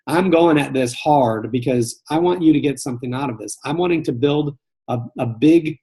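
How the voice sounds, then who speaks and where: A man's voice: medium pitch, moderate pace, mellow. A man coaching salespeople on a live call, earnest, often repeating and restarting his phrases as he talks straight to his audience. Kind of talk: live webinar coaching talk.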